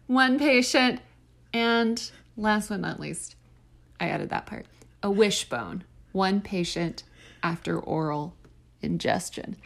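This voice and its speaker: A woman's voice: medium pitch, slow, vocal fry. A woman co-hosting a podcast in casual chat, reading aloud playfully with wry asides and laughter. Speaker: podcast co-host.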